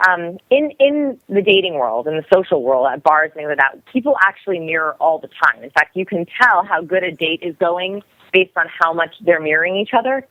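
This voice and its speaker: Woman, fast energetic explainer, interview guest, tinny phone line. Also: lowish voice, no room sound. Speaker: guest expert on body language. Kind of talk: podcast interview over the phone.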